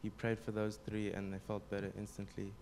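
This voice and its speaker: Young man, low and flat, telling a testimony, faint room noise behind. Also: brisk. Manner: plain, storytelling, frequent ums. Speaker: congregation member giving a testimony. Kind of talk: spoken testimony.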